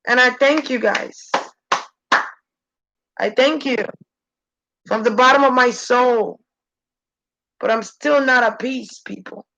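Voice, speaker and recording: A woman's voice: slow pace, creaky, pauses often, sharp tone, highs cut off, a little hiss or hum. A woman speaking as a channeler in an intense, preachy spirit-channeling monologue. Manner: intense, preachy, shifting pitch.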